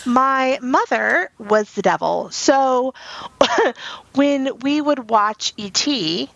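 This late-thirties woman co-hosts a podcast, giggling frequently as she tells animated stories in casual chat, and she describes herself as anxious. Her high-pitched voice is gravelly and she draws out her words. The recording has its highs cut off.

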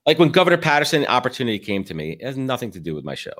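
Fast-talking man telling podcast stories. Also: mid-range voice. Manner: rambling, animated storytelling with many restarts. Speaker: podcast host. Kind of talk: casual podcast conversation.

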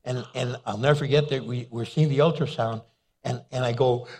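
Husky animated man preaching. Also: medium pitch, a little fast. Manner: animated storytelling, acts out little scenes and voices; jokes and laughs as he preaches. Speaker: pastor. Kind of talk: humorous sermon.

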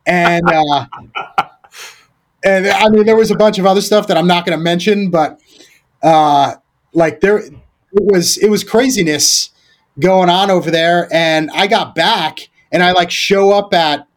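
Higher-voiced man telling war stories loosely. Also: unhurried. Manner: rambling, loose delivery full of "like" and restarts, swears freely. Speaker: podcast guest, former Recon Marine. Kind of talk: casual storytelling conversation.

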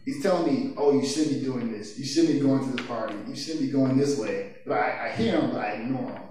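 A young college-aged man gives a casual, chatty youth sermon in a church youth room, sharing personal stories and laughing now and then. His medium-pitched voice is fast and slightly mellow, recorded from far off in an echoey room with faint noise.

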